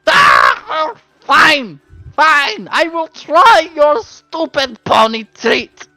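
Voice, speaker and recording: Casting: screeching goblin boss for a tabletop game, very high and loud, wild pitch swings. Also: male voice, big pitch swings, moderate pace, no room sound, faint music behind, full character voice. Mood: frantic. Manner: screeching, frantic whining protests. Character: shrieking panicky male goblin war boss.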